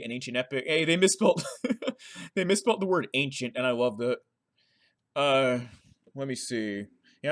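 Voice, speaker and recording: A man's voice: on the high side, fairly bright tone. A man giving casual, rambling reaction commentary, often correcting himself mid-sentence. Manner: rambling, chatty, self-correcting, with frequent laughs. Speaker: gaming commentator.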